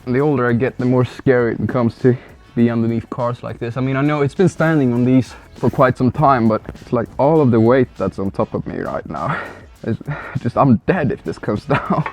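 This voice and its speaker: A man's medium-pitched, darkish voice comes at a moderate pace over faint background music as he works on his car, muttering, swearing and grunting in casual self-talk. He's a Swedish car-project vlogger whose first language is Swedish.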